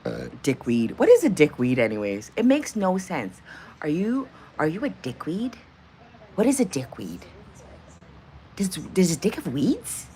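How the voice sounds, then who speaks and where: Profane, lively woman livestreamer. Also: low voice, unhurried, slight background noise. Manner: blunt and profane, laughs often; banters with chat viewers. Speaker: livestream host. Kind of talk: casual live-stream chat.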